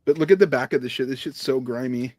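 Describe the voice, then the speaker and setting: A man's voice: mid-range voice, fast talker, a little mellow, no room sound, clean studio sound. A man hosting a podcast, telling rambling stories in casual chat, laughing often and swearing freely. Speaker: podcast host.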